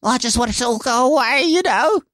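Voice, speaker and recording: A man voicing an upset, whiny middle-aged mother in a high falsetto. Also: animated, brisk, a bit bright, dry recording, clean studio sound. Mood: whining.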